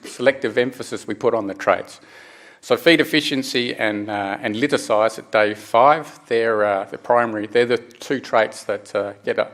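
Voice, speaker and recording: A middle-aged man giving a technical conference presentation, speaking haltingly with frequent restarts and fillers. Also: lowish voice, creaky.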